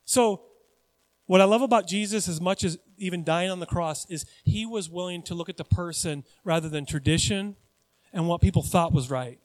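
A male pastor preaching a sermon in a conversational, animated way, often putting questions to the congregation. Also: high-pitched, normal speed. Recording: long hall reverb.

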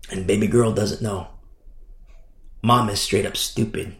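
A man's voice: on the low side, steady tone, a little slow, pauses often. A man preaching a sermon in a fiery, scornful, emphatic manner. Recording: echoey room.

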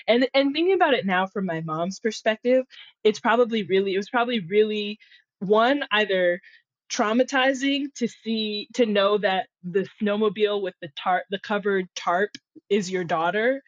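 Lively young woman telling a story. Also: medium pitch, moderate pace, no room sound, lo-fi sound. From Connecticut. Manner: animated, laughs often, acts out her younger self. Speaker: guest. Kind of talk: casual storytelling chat.

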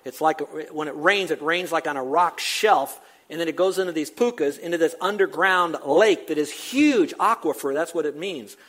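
An older male pastor delivers a sermon in a fairly high voice. He preaches emphatically, repeating words over and over and lifting his voice on key points. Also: normal speed, few pauses, a bit bright. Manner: emphatic, repetitive preaching with rising exclamations.

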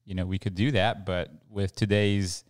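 A man's voice: low-pitched, flat delivery, normal speed. A middle-aged man from El Paso co-hosting a podcast in casual, rambling chat with many fillers. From El Paso, Texas. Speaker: podcast co-host.

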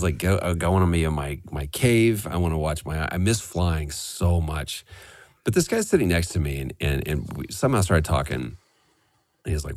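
Man, 40s, deep and very expressive, dry close mic, casual podcast guest telling animated anecdotes. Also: normal speed, no room sound. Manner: animated storyteller, swearing freely. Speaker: voice actor guest.

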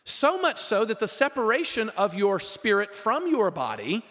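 A man preaching a sermon in a lively, conversational way, with frequent rhetorical questions to the congregation. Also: sits high, moderate pace, in a large hall. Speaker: pastor.

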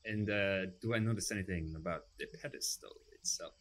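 A man's voice: sits low, a little fast, fairly bright tone, a little hiss or hum. A man playing a character in a tabletop game, speaking in a formal, playful way. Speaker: player.

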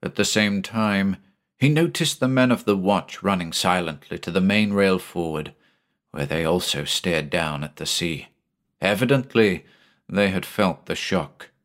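A man reading a horror story aloud as audiobook narration, in a measured, even storytelling manner. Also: low-pitched.

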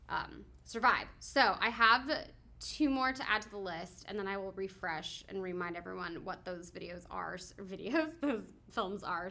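Bright, animated woman telling a story. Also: medium pitch. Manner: animated, laughing storyteller, rambling with fillers. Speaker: podcast co-host. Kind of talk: casual chat.

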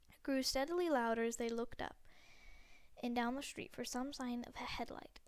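Brief: woman reading a novel aloud, slightly high voice, steady and gentle, close dry mic. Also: no room sound. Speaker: narrator.

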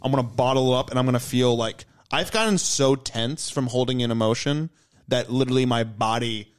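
A man's voice: medium pitch, fairly quick, smooth. A man hosting a comedy podcast in casual chat, talking emphatically with frequent swearing and stammering restarts. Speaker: podcast host and stand-up comedian.

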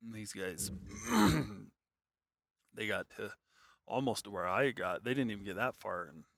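A man's voice: on the low side, expressive, a little slow, gravelly, a bit bright, no echo, studio quality. A man telling a long hunting story in casual, rambling talk, full of fillers and restarts.

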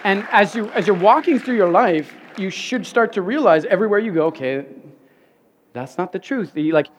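A man preaches from the pulpit, his voice sitting a little high for a man. He tells stories in an animated way, doubling back over his words and laughing at himself. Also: normal speed, some chatter behind, slight background noise. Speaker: pastor. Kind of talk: sermon.

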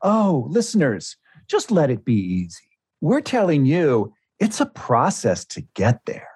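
A man's voice: a little high, huge pitch swings, unhurried, darkish tone, husky, no room sound, clean studio sound. Encouraging man, podcast co-host. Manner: coaching, encouraging, speaks to listeners directly. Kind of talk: casual conversational podcast.

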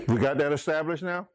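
A man's voice: on the high side, slight background noise. A middle-aged man teaching a Bible class in a folksy sermon style, asking the class questions. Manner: folksy, laughs often, asks the class questions.

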